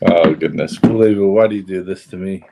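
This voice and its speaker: A man's voice: low-pitched, moderate pace, gravelly, very noisy. A man chatting casually on a livestream, hesitant, with many fillers and restarts. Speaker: guest on a watch livestream.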